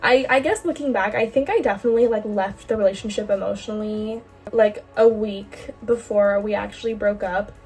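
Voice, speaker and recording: A young woman in her late teens talks through a personal story in a loose, chatty vlog style. She fills her sentences with "like" and curses casually. Her voice sits at a middling pitch, a touch distant from the mic, with soft music playing behind. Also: a little fast. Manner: candid and chatty, heavy filler "like", swears freely. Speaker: bracelet-making vlogger.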